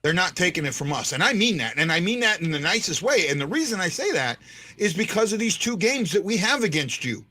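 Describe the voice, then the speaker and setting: Brief: man, emphatic hockey show host, high bright voice, very lively delivery. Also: fairly quick. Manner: argumentative, emphatic. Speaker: podcast host. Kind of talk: casual sports talk.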